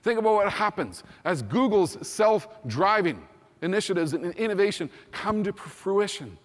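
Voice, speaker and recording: A man in his fifties gives an energetic, emphatic keynote talk, his fairly high voice ringing with a long hall reverb. He hammers his points home through repetition. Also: normal speed. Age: 50s. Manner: energetic, emphatic, repeats "think about" and "you know". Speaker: keynote speaker.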